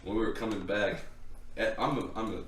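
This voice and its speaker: A man's voice: lowish voice, fairly even intonation, quick pace, a bit bright, recorded from a distance, slight background noise. A young man in a touring band, joking crudely and muttering asides in casual podcast chat. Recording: roomy, off-mic, chatter behind.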